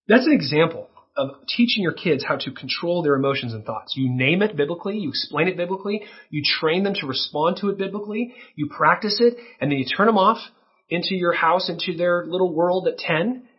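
A middle-aged man delivers an earnest sermon on parenting in a very husky, breathy voice that sits a little high for a man. The recording sounds dull and muffled, and he teaches patiently, softening into quiet acted examples. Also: animated, brisk. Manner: earnest teaching, acts out child role-play softly. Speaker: pastor.

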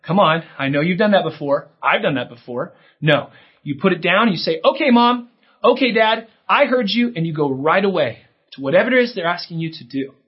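Brief: male pastor, children's sermon, lively husky delivery, somewhat high voice, dull lo-fi sound. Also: a little fast. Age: adult. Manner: animated, acts out kids' lines in a higher voice. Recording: dull lo-fi recording.

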